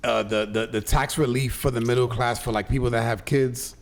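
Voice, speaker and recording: Halting man in casual podcast chat. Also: medium pitch, fairly even intonation. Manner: hesitant, halting restarts. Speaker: podcast co-host.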